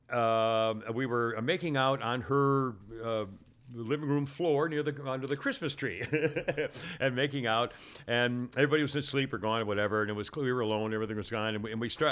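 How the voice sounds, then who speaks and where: A man in his seventies hosting a show, telling a rambling story full of halting restarts. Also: mid-range voice, a bit bright. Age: 70s. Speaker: radio show host. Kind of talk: casual chat and storytelling.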